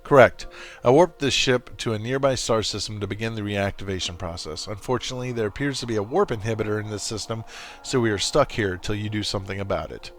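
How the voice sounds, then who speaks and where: A man reading the lines of a calm female ship AI in a game, in a measured, explanatory way. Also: on the low side, soft background music, close to an everyday voice. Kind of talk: reading game dialogue aloud.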